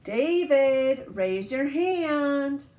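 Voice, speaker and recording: A woman voicing a stern schoolteacher who scolds a misbehaving boy with loud, clipped commands. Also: high-pitched, animated, drawn-out words, pitched above the performer's own voice, exaggerated voice. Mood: scolding.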